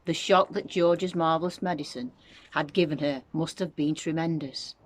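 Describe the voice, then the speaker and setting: A woman teacher reading a children's book aloud with expressive storytelling. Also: low-pitched, moderate pace. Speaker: infant school teacher.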